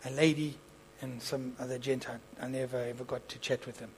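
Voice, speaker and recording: A man preaching, telling a story and acting out its dialogue, moving between soft asides and loud impassioned peaks. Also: mid-range voice, level tone, fairly quick, slight background noise, low-quality recording. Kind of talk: storytelling sermon.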